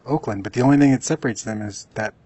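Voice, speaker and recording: A man co-hosting a casual podcast, telling a self-mocking story in a relaxed way. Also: medium pitch, fast talker, husky, no echo. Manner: relaxed, self-mocking, chuckles at his own stories.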